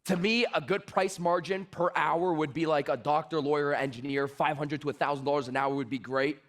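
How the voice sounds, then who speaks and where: A man's voice: on the high side, brisk. A man giving a motivational sales talk, telling a story and acting out both sides of the conversations, repeating his key points with emphasis. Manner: animated, acts out both sides of dialogues. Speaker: sales speaker.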